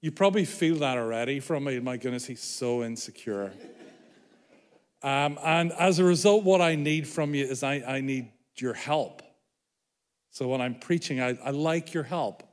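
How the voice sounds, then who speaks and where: A man's voice: a little high, normal speed. A man with an Irish accent preaching a sermon in a church, joking with the congregation about himself. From Ireland. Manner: self-deprecating, joking with congregation. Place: church hall. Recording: reverberant church hall.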